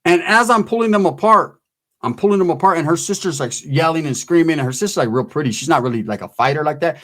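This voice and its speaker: Brief: male stand-up comic, raunchy rambling storyteller, slightly raised pitch. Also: expressive, quick pace, a bit bright. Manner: crude, rambling, tags lines with "right?"; acts out voices of people in the story. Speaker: stand-up comedian.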